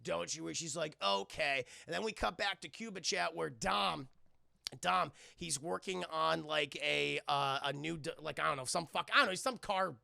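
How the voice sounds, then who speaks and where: A man's voice: a little high, normal speed, gravelly, sharp tone, no echo. A young man streaming a rambling, profane film recap to his live chat, acting out characters in silly voices.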